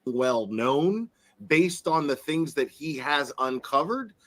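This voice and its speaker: A man's voice: a little high, lively intonation, slow. A man giving earnest opinion commentary in a played clip, repeating himself and stumbling over words.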